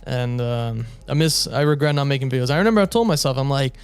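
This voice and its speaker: A man's voice: mid-range voice, fast talker, clear, resonant tone, dry recording, faint music behind. A young man co-hosting a podcast, rambling casually and fondly about the past, with some swearing. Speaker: podcast co-host. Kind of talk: casual chat.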